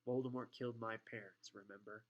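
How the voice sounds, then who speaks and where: A man reading an audiobook, voicing a determined young schoolboy in a low, urgent, earnest tone. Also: steady tone, fairly quick, highs cut off, natural voice. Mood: defiant.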